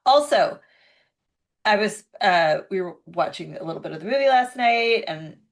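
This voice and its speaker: Lively intonation marks this mid-range female voice, moving at a moderate pace. She's a podcast co-host in her thirties, telling stories in a loose, rambling chat with plenty of fillers and false starts.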